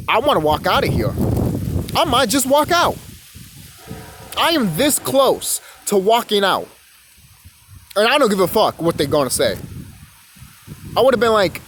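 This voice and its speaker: A man's voice: high voice, noisy background. A young man delivering a rambling, profane rant monologue, stumbling over and repeating words as he goes. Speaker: vlogger.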